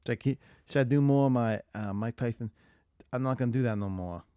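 A man's voice: medium pitch, quick pace, warm tone, no room sound, studio quality. A man co-hosting a podcast, rambling and joking casually while filling airtime, swearing freely. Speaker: podcast co-host.

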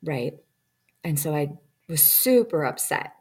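Woman, low voice, casual rambling storyteller, reflective. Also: sing-song, unhurried, a little mellow, slightly rough. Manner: rambling, reflective, many ums and you-knows; acts out quoted dialogue in shifting voices. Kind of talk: personal storytelling about a past-life regression session.

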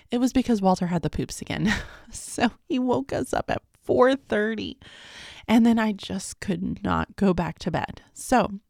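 Chatting about her day, this podcast host in her thirties keeps things casual like a video diary, laughing a lot and addressing listeners as "guys." Her mid-range voice is a little mellow with lively intonation and normal pacing, recorded dry at studio quality.

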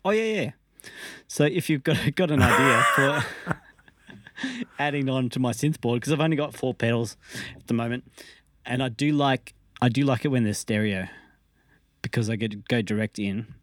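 A man's voice: mid-range voice, moderate pace, a bit bright, no echo, studio quality. A man co-hosting a podcast in easygoing casual chat, laughing along with his partner. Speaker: podcast co-host.

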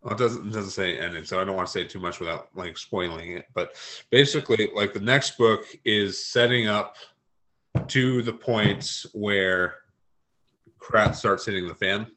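A man, an author being interviewed, speaking in a hesitant, low-key way with many ums. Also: moderate pace, fairly bright tone. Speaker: author guest. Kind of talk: casual interview chat.

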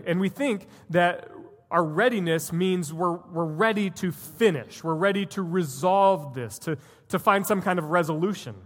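Pastor guy preaching, kinda high voice, tells a story then hammers the point, long church echo. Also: moderate pace, fairly bright tone. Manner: storytelling, earnest, builds to emphatic points. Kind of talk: sermon. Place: church sanctuary.

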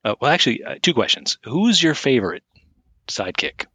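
Man, podcast co-host, teasing, dry manner, bright tone, dead dry sound. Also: medium pitch, very animated, fairly quick, breathy edge, no room sound. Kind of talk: casual chat.

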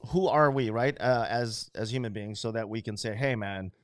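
A middle-aged man talking casually and profanely, jumping into little acted-out quotes along the way. His voice sits at an ordinary pitch. The recording is dry and close, with no room sound. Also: moderate pace, no room sound. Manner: animated, swears a lot, acts out quotes in other voices.

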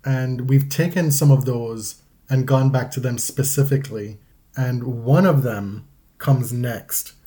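A man with a mellow, warm voice co-hosting a casual podcast. He talks easily with his co-host and slips into a deadpan, theatrical style for a dramatic reading. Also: medium pitch, slow.

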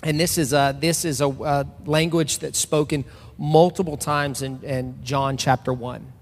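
A man in his thirties gives a relaxed, chatty sermon in a church sanctuary. His voice sits a bit high and has a gravelly edge. A long reverb trails his words around the hall. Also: measured pace, a little hiss or hum. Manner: loose and personal, with frequent restarts and fillers. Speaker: pastor. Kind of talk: casual conversational sermon.

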